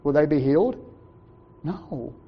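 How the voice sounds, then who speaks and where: A man with a notably high voice delivers a sermon. He keeps asking his listeners questions and answering them himself. The recording sounds dull and lo-fi, like an old church tape. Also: expressive, a little slow, slightly rough. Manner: asks the congregation questions and answers them, acts out short quotes. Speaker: preacher.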